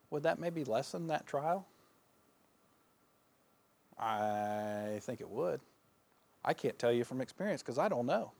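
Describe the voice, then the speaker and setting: Folksy man preaching, self-mocking, higher voice. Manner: folksy, self-deprecating, laughs often; swings between loud bursts and quiet asides. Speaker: pastor. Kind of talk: sermon.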